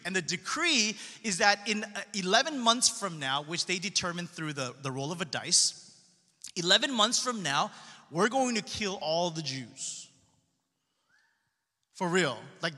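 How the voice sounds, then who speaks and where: Brief: male preacher, high, very bright voice, casual slangy storyteller, echoing church hall. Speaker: pastor. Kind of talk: sermon. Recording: long hall reverb.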